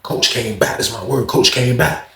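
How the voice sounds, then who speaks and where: A man's voice: medium pitch, normal speed, gravelly. Slangy male storyteller, roomy echo. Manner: slangy, animated. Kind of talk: casual storytelling.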